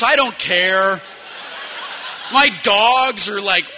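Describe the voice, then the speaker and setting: A man who works as a voice actor, telling a rambling, animated, self-mocking story about his work. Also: sits high, unhurried, very noisy. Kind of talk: anecdotal storytelling.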